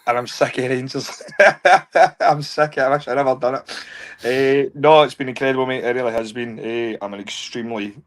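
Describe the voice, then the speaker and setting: A man's voice: mid-range voice, brisk. A man in his thirties, telling stories in a casual podcast chat, laughing often and tripping over repeated words. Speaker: guest, touring stage show creator.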